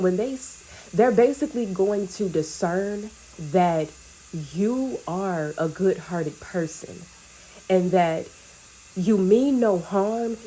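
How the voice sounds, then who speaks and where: Husky woman delivering a spiritual message. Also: on the low side, warm tone. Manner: earnest, repetitive rhetorical questioning. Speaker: spiritual reader.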